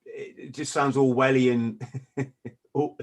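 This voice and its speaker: A man hosting a podcast, reading out points and reacting to them. He stumbles and repeats words as he talks, and adds dry, sardonic asides. His voice sits at an ordinary middle pitch. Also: flat delivery, takes it slowly. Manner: stammers and restarts, sardonic asides. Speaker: podcast host. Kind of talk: casual podcast discussion.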